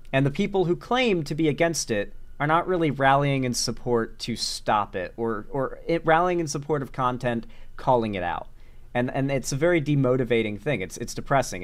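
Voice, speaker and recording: A man giving an earnest, rambling political monologue in a video clip, full of fillers. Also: medium pitch. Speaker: online political commentator.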